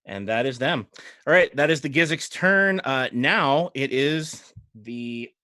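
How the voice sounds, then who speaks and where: A man's voice: medium pitch, takes it slowly, no room sound. Man, game master for a tabletop game, loose rambling delivery, filler-heavy, dry close mic. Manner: relaxed, rambling narration with many fillers.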